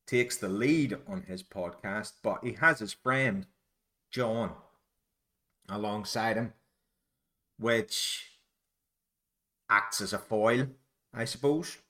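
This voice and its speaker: A man's voice: fairly low pitch, bright, forceful tone. A Northern Irish man hosting a solo podcast, musing in a rambling, digressive, self-deprecating way. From Northern Ireland. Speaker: podcast host.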